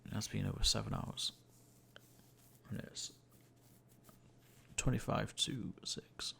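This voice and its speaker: Tired, gravelly-voiced man streaming a game. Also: fairly low pitch, steady tone, slow pace, sharp tone, a little hiss or hum. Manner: muttering to himself, swearing, self-mocking. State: tired, yawning. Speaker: gaming livestreamer. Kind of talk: casual gameplay commentary.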